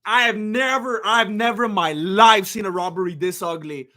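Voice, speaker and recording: Streamer host, male, bright and sharp tone, excitable and incredulous, live watch-along chat. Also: sits high. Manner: talks to the chat with rapid questions. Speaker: livestream host reacting to fights.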